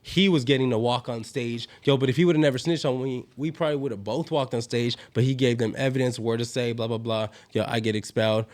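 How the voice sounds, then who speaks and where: A man's voice: medium pitch, fairly even intonation, brisk, hardly any pauses, darkish tone. A young man, telling a long story as a podcast guest and filling it with "yo" and "bro". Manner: rambling slangy storytelling, constant "yo" and "bro" fillers. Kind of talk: casual storytelling.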